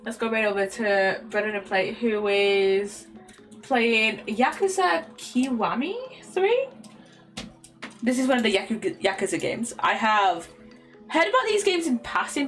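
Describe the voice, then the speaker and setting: A woman's voice: medium pitch, fairly bright tone. A young British woman streaming a game, chatting casually and rambling, often stumbling over her words and giggling. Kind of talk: casual chat while gaming. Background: faint lofi music.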